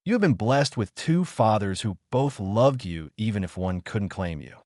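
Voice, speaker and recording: A man voicing a loving mother reading her apologetic farewell letter, in a dry, lowish voice. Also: lively intonation, normal speed, a little mellow, no room sound, close to an everyday voice.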